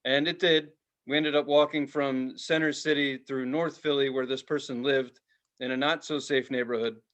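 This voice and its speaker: A middle-aged man co-hosting a casual podcast chat, telling a story with lively energy. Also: medium pitch, moderate pace. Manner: animated storyteller, acts out quotes loudly. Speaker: podcast co-host.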